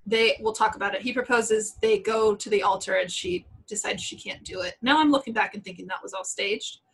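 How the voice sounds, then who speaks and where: A woman's voice: medium pitch, a little fast, vocal fry, husky, rough recording. A woman in her thirties co-hosting a podcast in casual chat, laughing often and acting out what people said. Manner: chatty, laughs often, quotes people in animated voices. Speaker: podcast co-host.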